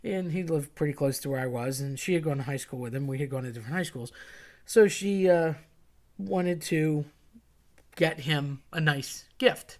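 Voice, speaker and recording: Woman, casual storyteller, chatty and animated. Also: low voice, moderate pace. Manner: chatty, animated, acts out quoted voices.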